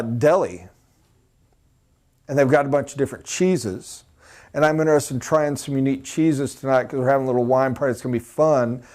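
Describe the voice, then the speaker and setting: Animated male sales trainer. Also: mid-range voice. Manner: animated, emphatic, mock voices for examples. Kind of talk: live sales training talk.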